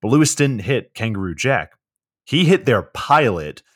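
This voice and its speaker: A man's voice: medium pitch, very animated, normal speed, a bit bright, breathy edge, no echo, studio quality. A man co-hosting a podcast, recapping a movie plot in a laid-back way with lots of swearing and fillers. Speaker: podcast co-host.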